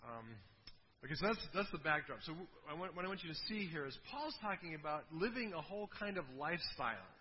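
A man's voice: on the high side, sing-song, fast, in a large hall, muffled recording, a little hiss or hum. A man preaching a sermon in a conversational way, often asking his listeners rhetorical questions. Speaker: pastor.

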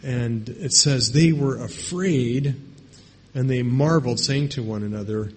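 A man's voice: mid-range voice, measured pace, husky. A man preaching a sermon in a conversational way, often checking in with "right?" and restarting his phrases. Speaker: pastor. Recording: long hall reverb.

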